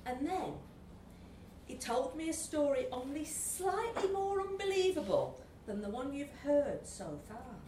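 Woman storyteller, wry, laughing, high lively voice, echoey room, distant mic, faint ambience. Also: measured pace, a little hiss or hum. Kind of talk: comic story reading to a live audience.

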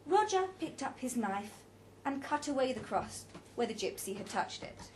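A woman narrating a story in an even, measured reading voice. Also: sits high. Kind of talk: audiobook narration.

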